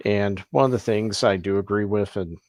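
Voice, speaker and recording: A man talking in a casual podcast, measured and thoughtful with hesitant fillers. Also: on the low side, fairly even intonation, a little mellow, no echo, studio quality.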